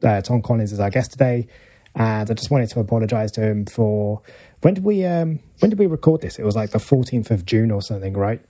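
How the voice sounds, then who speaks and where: A man's voice: fairly low pitch, brisk, dark tone. Easygoing joking male podcast host. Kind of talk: casual chat.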